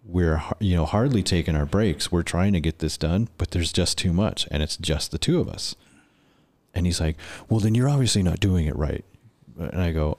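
A man with a very deep voice tells a long story in a relaxed podcast chat. He swears a lot and acts out both sides of an old argument as he goes. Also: normal speed. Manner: profane, animated storyteller acting out quotes. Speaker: podcast guest.

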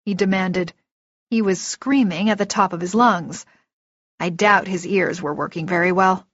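A woman narrating a first-person audiobook in a steady, vivid storytelling manner. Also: on the low side, moderate pace, no echo. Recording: dull lo-fi recording, dry.

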